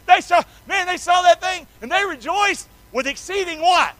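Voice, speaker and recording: Fiery, high-voiced preacher. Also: male voice, lively intonation, moderate pace, no room sound, poor audio. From North Carolina. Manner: enthusiastic, swings from loud to quiet, calls for congregation response. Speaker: pastor. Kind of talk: sermon.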